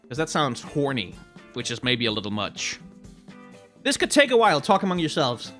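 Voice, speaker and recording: A young man hosting a game playthrough, reading aloud and joking in a playful, animated way. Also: medium pitch, moderate pace, soft background music. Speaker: let's-play host.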